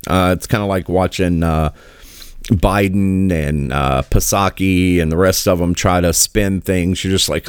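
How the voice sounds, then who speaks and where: A man's voice: low voice, unhurried, clear, resonant tone, no room sound, studio quality. A middle-aged man giving casual commentary, sarcastic and hesitant, with many fillers.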